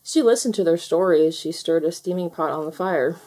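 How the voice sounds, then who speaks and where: A woman reading a children's picture book aloud with gentle, expressive storytelling. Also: on the low side, a little fast. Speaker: storybook reader.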